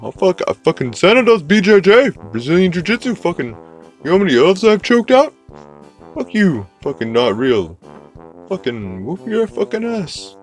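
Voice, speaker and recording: A man's voice: high voice, big pitch swings, normal speed, soft background music, voice pushed up. A man putting on the voice of a belligerent, foul-mouthed street-tough Santa who trash-talks and picks fights. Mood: aggressive trash talk. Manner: swaggering, profane, trash-talking.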